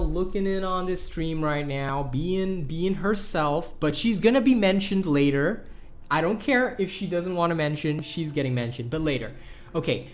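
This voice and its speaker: An excitable man with a fairly high voice gives casual gameplay guide commentary. He rambles, swears freely and trips over repeated words, with faint background music behind him. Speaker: gaming YouTuber.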